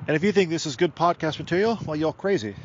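A man voicing a crude, excitable sports commentator with a put-on loose Australian accent, calling play outdoors. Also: fairly high pitch, quick pace, highs cut off, a little hiss or hum, pitched above the performer's own voice, natural voice. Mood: rowdy. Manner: profane, rowdy play-by-play. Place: outdoors beside a park golf course.

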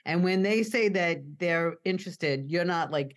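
A woman co-hosting a podcast, talking animatedly about recovery and acting out excited family members. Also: fairly low pitch, normal speed, hardly any pauses. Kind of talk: casual podcast discussion.

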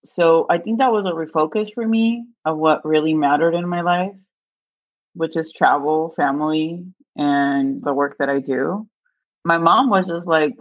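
A woman whose voice sits low speaks at a measured pace as a guest, candidly telling a personal story. She's animated, laughing as she acts out the voices of the people in it, all captured in a dull, dry, lo-fi recording.

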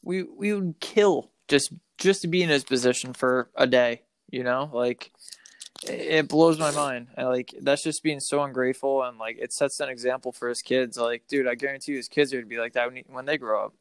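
Halting, frustrated man with a smooth voice. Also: medium pitch, no room sound. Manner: hesitant, halting, frustrated, lots of "like" and "I don't know". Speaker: podcast co-host, coach. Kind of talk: casual sports chat.

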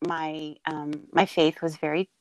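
A middle-aged woman telling her daughter the story of her birth in a casual, heartfelt talk, halting and full of fillers. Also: deep voice, little pitch movement, no room sound, poor audio. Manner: tender, halting, with many fillers and laughs.

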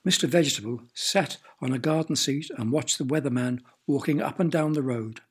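A man narrating a children's story in a gentle, playful way, sometimes asking the listener questions. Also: medium pitch, fairly quick, slightly rough.

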